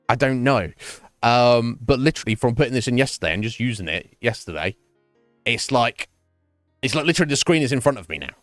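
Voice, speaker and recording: A man's voice: mid-range voice, animated, fairly quick, pauses often, fairly bright tone, dry recording, faint music behind. A man chatting casually on a gaming stream at home, rambling and swearing freely. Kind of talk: casual chat while gaming.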